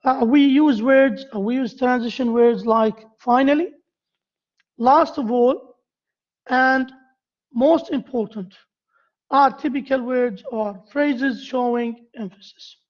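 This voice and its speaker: A woman with an Arabic accent giving a university lecture. She pauses often, repeats key phrases and asks the class questions. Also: sits high. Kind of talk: classroom lecture on essay writing. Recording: dull lo-fi lecture recording.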